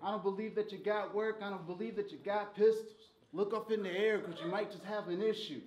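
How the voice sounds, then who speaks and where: A man battle rapping a cappella, loudly mocking his opponent at a live event. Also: high-pitched, fairly even intonation, fairly quick, reverberant, lo-fi sound. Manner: loud, mocking delivery. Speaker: battle rapper.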